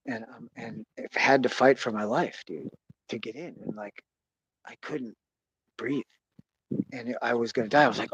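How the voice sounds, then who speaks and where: A young man telling a story in casual, profane chat, swinging between loud bursts and quiet mutters. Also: medium pitch, lively intonation, normal speed, breathy edge, no room sound, muffled recording. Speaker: podcast host.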